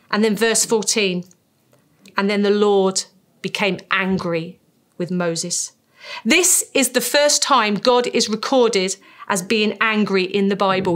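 A British woman preaching a sermon, emphatic and slowing down to stress key phrases. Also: on the high side, a bit bright. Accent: British English.

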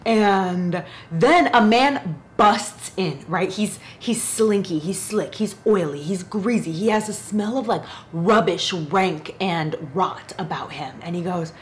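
Woman, book vlogger, casual reading-vlog chat, giggly, excitable, slightly low voice. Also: slow, hardly any pauses, a little hiss or hum. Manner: animated and giggly, gushing with big excited jumps.

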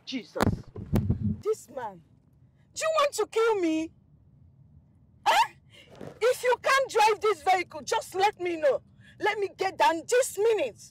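Brief: very high, swooping Nigerian passenger, sharp and scolding. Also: female voice, very animated, a little slow, pauses often, background noise, full character voice. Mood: furious. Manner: sharp, scolding, shouting at times. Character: furious mother scolding a careless driver. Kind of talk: Nollywood film acting.

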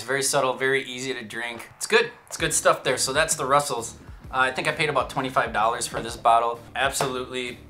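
A man's voice: mid-range voice, bright, forceful tone. A man giving a casual whiskey tasting review, chatty and self-amused, with joking asides. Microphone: shotgun microphone.

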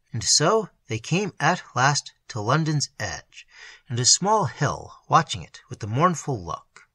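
A man narrating a fantasy short story in a dramatic, expressive reading. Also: medium pitch, slightly rough, no room sound.

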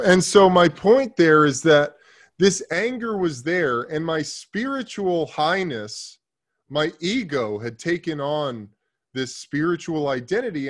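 A man in his thirties, a podcast guest, telling a story in a loose, profane way and swinging from hushed asides to loud emphasis. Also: fairly high pitch. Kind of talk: casual interview storytelling.

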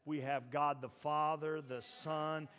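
A man preaching a sermon in a church, shifting from low, confiding talk to loud, shouted exhortation. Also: measured pace, big-room sound. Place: church sanctuary.

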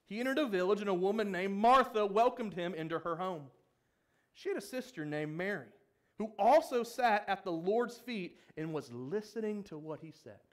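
Young man, pastor, sermon, high voice, interactive preaching, acts out quotes. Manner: preaching to a congregation, asks the room questions; acts out quoted pleas with rising emphasis.

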